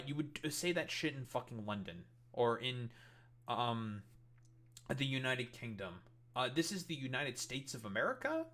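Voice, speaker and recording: A male streamer talking casually to his viewers with an exasperated, profane edge. His voice has a bright, forceful tone at an ordinary middle pitch. He mocks and picks apart what he reads with blunt disbelief. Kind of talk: casual ranting commentary.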